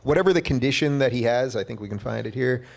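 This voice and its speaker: A man's voice: mid-range voice, quick pace, creaky. A man as a podcast guest, talking in a thoughtful, hedging way. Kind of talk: casual podcast chat.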